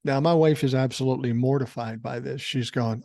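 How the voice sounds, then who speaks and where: A man's voice: medium pitch, fairly even intonation, brisk, gravelly, hardly any pauses, a little mellow, no room sound, clean studio sound. Blunt, wry older man. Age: 60s. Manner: blunt, profane, wry anecdotes. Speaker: podcast host. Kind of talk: casual storytelling. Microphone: podcast microphone.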